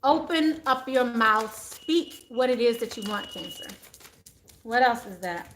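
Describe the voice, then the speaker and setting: A middle-aged woman giving live tarot advice, animated and exclaiming, often repeating her phrases. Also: fairly high pitch, measured pace, a little hiss or hum. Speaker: tarot reader.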